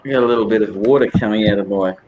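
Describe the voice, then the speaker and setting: A man's voice: lowish voice, very fast, narrow, tinny audio. Effusive man on a noisy call. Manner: effusive, laughs a lot, jokey. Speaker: comic creator, guest. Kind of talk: casual video chat.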